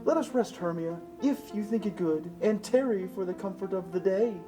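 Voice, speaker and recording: A woman's voice: medium pitch, moderate pace, over music, lightly acted. A woman playing a fickle young male lover, playful and hamming it up, in an amateur Shakespeare reading. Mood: coaxing.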